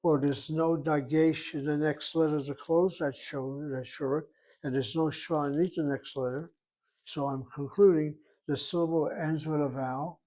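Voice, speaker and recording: Male teacher, slightly high voice, methodical step-by-step explainer. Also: vocal fry, darkish tone, breathy edge. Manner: methodical, talks himself through each step. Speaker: Hebrew teacher. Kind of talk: recorded grammar lesson.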